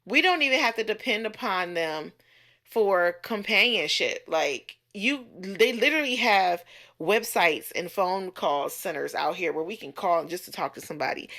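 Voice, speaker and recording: A woman in her thirties, a relationship coach, telling a story in a blunt, animated, casual rant full of profanity. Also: medium pitch, normal speed. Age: 30s. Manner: blunt, animated, profanity-laced, mimics others' voices.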